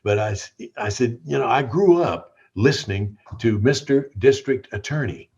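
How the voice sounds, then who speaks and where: Older Southern man, husky storyteller. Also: medium pitch, animated, normal speed, lo-fi sound. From Tennessee. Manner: warm anecdotal storyteller with repeated restarts. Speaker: guest, veteran radio DJ. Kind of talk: storytelling interview.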